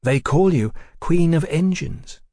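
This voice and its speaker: A man putting on a coaxing high-strung Englishwoman. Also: slow, gravelly, mellow, no room sound, studio quality, full character voice. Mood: mocking. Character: flighty forward Englishwoman living in France.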